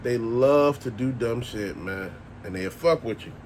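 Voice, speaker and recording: A man's voice: medium pitch, a little slow, darkish tone, slight background noise. A middle-aged man ranting in a blunt, profane, conversational way, speaking off the cuff as a vlogger. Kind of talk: casual ranting monologue.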